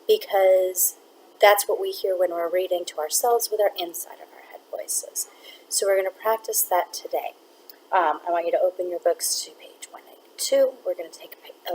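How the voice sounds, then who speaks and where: A woman teaching a reading lesson, explaining phrasing in a clear, deliberate way and sometimes reading word by word to demonstrate. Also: medium pitch, darkish tone, a little hiss or hum, low-quality recording. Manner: clear, deliberate teacher talk, reads words one at a time to demonstrate.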